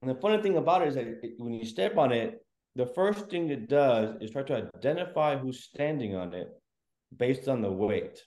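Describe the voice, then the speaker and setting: A man's voice: medium pitch, expressive, normal speed, a little mellow. A man doing stand-up comedy, telling self-deprecating stories. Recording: roomy echo.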